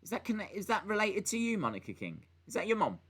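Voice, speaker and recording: A man's voice: high-pitched, wildly swooping pitch, fast talker, a bit bright, husky. A young man hosting a live stream, reading viewer comments aloud in a playful, mock-baffled, joking way.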